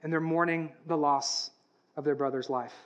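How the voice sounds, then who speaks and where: A man preaching a sermon, swinging between hushed, slow passages and loud, rising declarations. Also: on the high side, steady tone, clean tone. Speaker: pastor.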